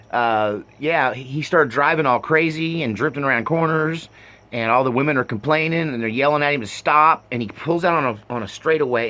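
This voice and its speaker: A man in his fifties tells stories from his younger days, wandering through the details with plenty of fillers. He is self-mocking and laughs at himself as he goes. His voice is bright and forward. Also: medium pitch. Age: 50s. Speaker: storyteller. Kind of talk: personal storytelling.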